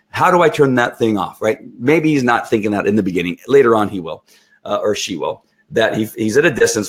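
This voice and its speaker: A middle-aged dog trainer with a lowish voice gives an instructional talk on training dogs. He's animated and hands-on, often acting out the dog's thoughts to drive his points home.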